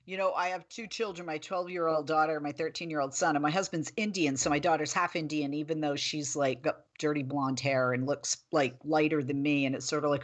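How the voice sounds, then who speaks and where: A woman in her forties hosting a political talk show, chatting and telling stories in an animated way. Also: low voice, fairly quick. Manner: chatty, animated storytelling with laughs.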